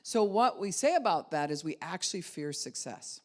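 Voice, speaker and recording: A woman pastor preaching a conversational sermon. She speaks directly to her listeners and swings her pitch and loudness to act out the thoughts she quotes. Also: lively intonation, moderate pace.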